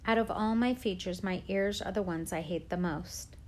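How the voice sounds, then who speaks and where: A woman reading a chapter book aloud in a steady, clear way. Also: medium pitch, normal speed, a little hiss or hum.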